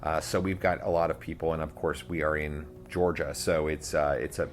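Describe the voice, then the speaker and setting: A man's voice: rumbling low, flat delivery, a little fast, faint music behind. A man co-hosting a tabletop gaming podcast in casual, rambling chat with lots of fillers and restarts. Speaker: podcast co-host.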